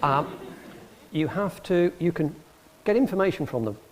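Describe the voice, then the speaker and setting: A man's voice: a little high, moderate pace, slight background noise. A man giving an anecdotal public talk in a hall, telling stories and acting out the people in them. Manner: lively storyteller, acts out the people in his stories. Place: public hall in front of an audience.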